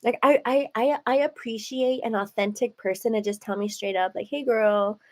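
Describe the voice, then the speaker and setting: A woman with a fairly high voice chats casually on her home live stream. She tells her story in an animated way, with lots of "like" and "you know" as she goes. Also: moderate pace. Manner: chatty, animated, heavy use of "like". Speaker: livestream host. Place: at home, seated.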